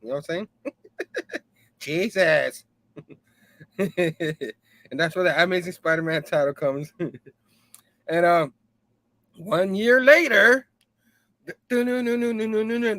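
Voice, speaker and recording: This man's voice is fairly high and fairly bright, with a slow pace, long pauses, and no room sound in the recording. Hot and sipping on a drink, he hosts a laid-back comic review, loosely retelling the plot and acting out lines, with frequent laughter and repeated "you know what I mean" asides.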